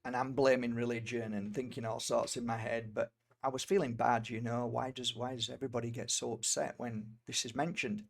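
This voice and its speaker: A man's voice: mid-range voice, little pitch movement, brisk, creaky. A middle-aged man from Britain, an energy healer, telling a personal story in a rambling way, with many fillers and restarts. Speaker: energy healer and tarot reader.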